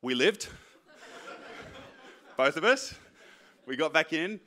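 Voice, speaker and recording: Young male pastor, bright tone, lively self-mocking sermon storyteller. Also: on the high side, extremely slow.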